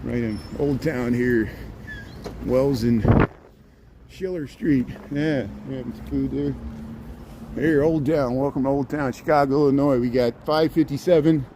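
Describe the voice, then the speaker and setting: A man's voice: mid-range voice, measured pace. Male streamer on a walking tour, sarcastic rambler, phone mic outdoors. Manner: chatty, sarcastic stream-of-consciousness rants. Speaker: livestream host. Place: outdoors on city streets. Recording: faint street noise.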